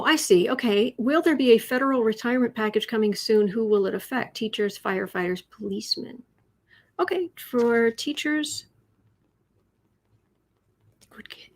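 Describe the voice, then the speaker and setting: A woman's voice: fairly high pitch, gravelly. A woman hosting a livestream, reading viewer comments aloud and chatting, sometimes dropping to a whisper or cooing to her pet. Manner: chatty, drifts into soft whispers and coos to a pet. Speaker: astrology and tarot channel host.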